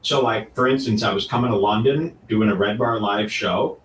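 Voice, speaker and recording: A man in a casual commentary, telling a story in an animated way and mockingly acting out other people's lines. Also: fairly low pitch, moderate pace. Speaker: streamer reacting to clips. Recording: echoey room, distant mic, faint noise.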